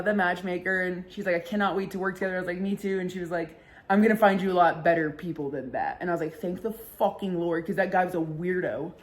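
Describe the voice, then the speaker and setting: A young woman hosting a casual chat show, telling a story with lots of swearing and acted-out quotes. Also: mid-range voice. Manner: animated, swears a lot, acts out quotes in mocking voices. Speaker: podcast host.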